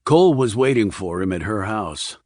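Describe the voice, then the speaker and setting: A man narrating a thriller audiobook in a steady, even reading. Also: on the low side, normal speed, no echo, studio quality.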